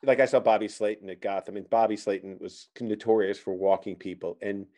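Lowish, warm and steady, this man's voice goes fairly quickly. The middle-aged comedian hosts a podcast, chatting casually and telling rambling, joke-laden stories with lots of fillers.

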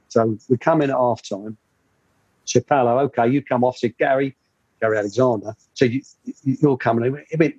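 A man's voice: medium pitch, moderate pace, a little mellow, slightly rough, no echo, dull audio. An older man, a former football coach, telling rambling anecdotes with lots of fillers in an interview. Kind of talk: storytelling interview.

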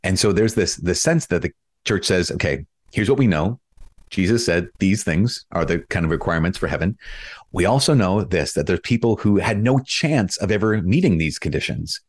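Deep-voiced earnest priest, lively storyteller. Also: male voice, normal speed. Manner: earnest, animated storytelling, mimics himself with raised voice. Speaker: Catholic priest, guest. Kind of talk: conversational interview.

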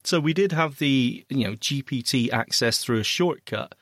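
A man co-hosting a tech podcast in casual chat, teasing and playful, quick to laugh. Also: mid-range voice, lively intonation, fairly bright tone, dry recording, clean studio sound. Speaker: podcast co-host.

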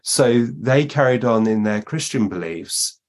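A man's voice: mid-range voice, lively intonation, a little slow, darkish tone. A man, a guest medium, telling long anecdotes in conversation and acting out the lines of the people he quotes. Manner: narrates at length, acting out the speakers he quotes.

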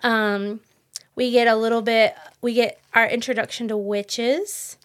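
A woman's voice: a little high, flat delivery, a little slow. A woman co-hosting a casual book podcast, chatty and rambling, often breaking into laughter. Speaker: podcast co-host.

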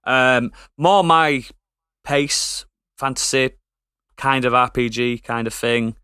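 A man co-hosting a casual gaming podcast, laughing often and stumbling into quick restarts. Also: mid-range voice, bright, forceful tone, smooth, no echo, studio quality. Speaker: podcast co-host. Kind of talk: casual chat.

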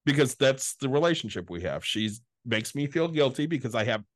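A man co-hosting a podcast, venting quickly and profanely about family obligations in casual chat. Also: medium pitch, animated, no room sound, clean studio sound. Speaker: podcast co-host.

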